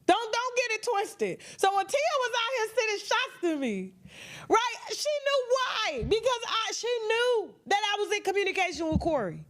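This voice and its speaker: A woman's voice: very high voice, sing-song, normal speed, a bit bright. A woman giving dramatic livestream gossip commentary, acting out what others said in shifting voices.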